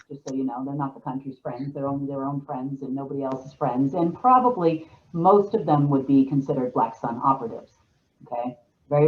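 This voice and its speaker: A woman hosting a show, talking casually in a rambling way with frequent restarts, heard over a phone-like line. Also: low-pitched. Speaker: show host. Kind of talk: casual monologue on a call.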